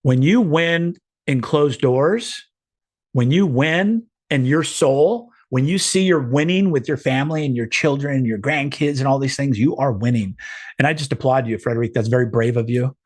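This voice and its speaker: A man's voice: medium pitch, moderate pace, darkish tone. A middle-aged man leading a group video call, giving an earnest, encouraging motivational talk with frequent restarts.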